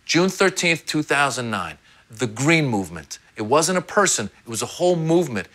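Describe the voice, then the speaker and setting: A man in his thirties from Iran, telling a satirical comedy monologue as an animated storyteller. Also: moderate pace. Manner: animated storyteller, jumps into high squeaky voices for quoted people.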